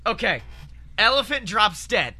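A man co-hosting a comedy podcast, pitching an absurd story in an excitable, rambling way with heavy swearing. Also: measured pace. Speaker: podcast co-host.

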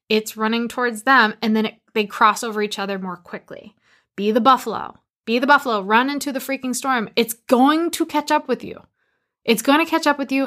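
A woman coaching listeners in a solo motivational talk, with a fairly high voice. She speaks with energy and emphasis and drives her points home with short repeated commands. She records from a quiet barn studio. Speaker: business coach and podcast host.

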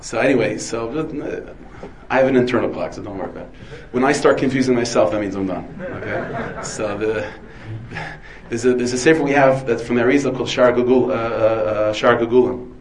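An American rabbi delivers a Torah lecture packed with Hebrew and Yiddish terms, posing questions and answering them himself. His voice is medium-pitched and a little fast, and the audio quality is poor.

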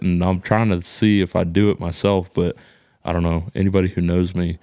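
Texan male podcast host, very deep voice, loose joking delivery, dry close sound. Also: little pitch movement, brisk, dark tone, clear, resonant tone, no echo. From Texas. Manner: joking, mimics voices in quotes. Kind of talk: casual podcast chat.

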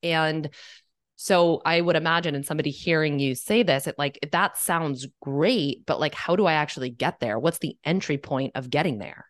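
A woman's voice: sits low, normal speed, no room sound, clean studio sound. A woman nutritionist co-hosting a podcast, talking reflectively in a casual conversation. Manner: reflective, thoughtful, frequent fillers. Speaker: nutritionist co-host.

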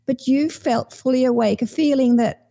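Higher-pitched, soft woman host. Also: moderate pace, gravelly. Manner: thoughtful, paraphrasing the guest. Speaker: podcast host. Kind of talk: reflective interview talk.

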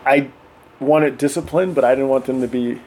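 A middle-aged man telling animated stories in casual podcast chat, often acting out voices and laughing. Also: mid-range voice, normal speed, a little hiss or hum. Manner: animated, acts out voices of his kids and himself, laughs often. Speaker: podcast guest.

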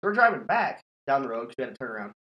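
Lively, foul-mouthed man spinning a spooky tale. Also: medium pitch, racing, muffled recording. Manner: animated, profane, laughing often. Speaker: podcast host. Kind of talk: casual storytelling chat.

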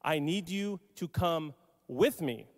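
A man's voice: fairly high pitch, expressive, fast talker, warm tone, pitched below the performer's own voice. A man playing a desperate, exasperated father begging for help for his son. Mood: frustrated. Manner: exasperated, pleading. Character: desperate pleading father, middle-aged man. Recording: long hall reverb.

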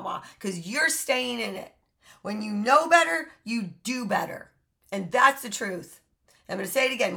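A woman's voice: on the high side, creaky, sharp tone. A middle-aged woman coaching people in hard relationships, blunt and emphatic, swearing now and then. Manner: blunt, emphatic, swears, mocking sing-song asides. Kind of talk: direct-to-camera coaching talk.

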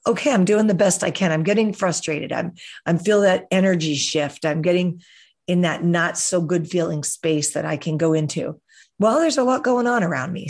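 Woman, wellness podcast host, lowish pitch, unhurried and sincere. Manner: calm, earnest, gently coaching, slows for guided breathing. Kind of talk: reflective podcast monologue. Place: outdoors, hears birds and breeze.

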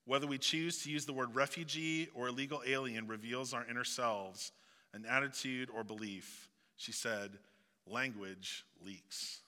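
A man's voice: mid-range voice, steady tone, a little slow, sharp tone. Guy preaching a sermon, southeast missouri accent, chatty and jokey, echo hangs in the big room. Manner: conversational, joking asides. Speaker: pastor. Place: church sanctuary. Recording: long hall reverb.

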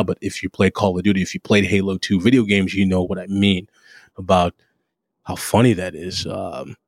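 A man's voice: low voice, no room sound, studio quality. A man co-hosting a casual gaming chat, talking with eager emphasis and frequent restarts. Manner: enthusiastic, drawn-out emphasis, many restarts. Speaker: podcast co-host. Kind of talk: casual chat about video games.

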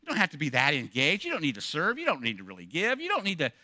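A man voicing the enemy's coaxing inner voice of temptation, soft and hushed. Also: fairly high pitch, huge pitch swings, fast talker, no room sound, clean studio sound, full character voice.

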